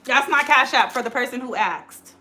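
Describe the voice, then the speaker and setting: A woman in her thirties hosting a casual livestream on her phone, chatting quickly as she reads out viewer comments. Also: fairly high pitch, pushed and bright. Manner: very fast, rapid-fire talker. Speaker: livestream host.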